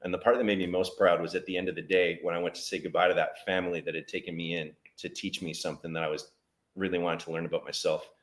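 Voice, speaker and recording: With a voice that sits low and a quick pace, a businessman guest narrates a story in conversation, animatedly acting out what the others said.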